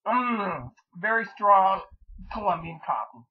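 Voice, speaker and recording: A man's voice: high voice, animated, slow, breathy edge, muffled recording. A man hosting his own video blog, talking in a casual, rambling and frustrated way, and swearing freely. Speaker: vlog host.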